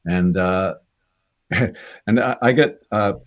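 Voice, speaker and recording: A man's voice: on the low side, takes it slowly, highs cut off. A Canadian man in his sixties, an actor guest, telling rambling stories in a casual interview and acting out voices. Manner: rambling anecdotes, acts out quoted voices.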